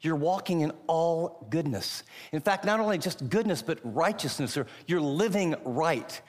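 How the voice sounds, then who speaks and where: A man preaching a sermon as pastor, emphatic and pausing on key words. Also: a little high, animated, big-room sound.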